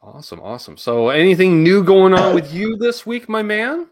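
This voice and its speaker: Upbeat male host for casual live-stream chat; lively, slightly high voice. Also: normal speed, slight background noise. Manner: upbeat, reads out viewer names.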